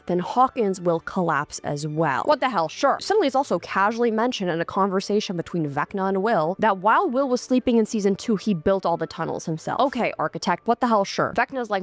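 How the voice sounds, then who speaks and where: A young woman giving a casual, sarcastic commentary on a series, swearing and throwing in animated asides. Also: mid-range voice. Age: young adult. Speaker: video essayist.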